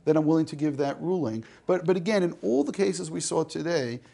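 A man's voice: a little high, lively intonation, fairly quick, creaky, dark tone. A man teaching a class, reading a text aloud, translating it line by line and joking with the students. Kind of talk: classroom lecture.

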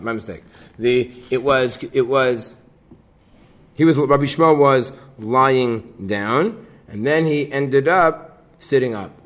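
A man teaching a Talmud class, reading the Aramaic text and explaining it in English with a lively delivery. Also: medium pitch. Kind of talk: Gemara class.

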